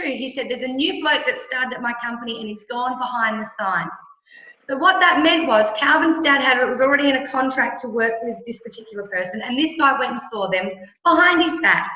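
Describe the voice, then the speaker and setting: A middle-aged Australian woman coaching with emphatic, animated talk, often checking in with her listener. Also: on the high side. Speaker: mentor and coach. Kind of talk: motivational coaching chat. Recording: echoey room, dull lo-fi sound.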